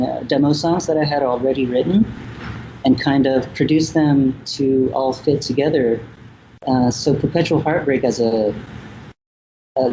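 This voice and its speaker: A man from Vietnam, a musician guest on an interview show, talking in a reflective way with many ums and pauses. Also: mid-range voice, warm tone, lo-fi sound, a little hiss or hum. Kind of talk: casual interview talk.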